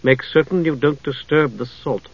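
A man's voice: fairly high pitch, moderate pace, slightly rough, dry recording. A man doing a cold, stern sorceress. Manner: stern, clipped commands. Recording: dull lo-fi dry recording.

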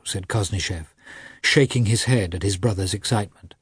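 A man narrating an audiobook with a steady, expressive reading. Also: lowish voice, moderate pace, husky, no room sound, clean studio sound.

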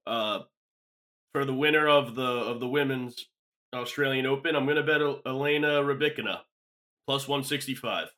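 A man cohosting a casual sports betting podcast, easygoing and quick to laugh. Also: mid-range voice, pushed and bright.

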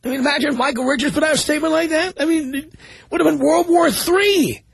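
A man's voice: very high voice, fast, gravelly, no echo. A man hosting a talk radio show, reading news stories aloud and commenting on them sarcastically.

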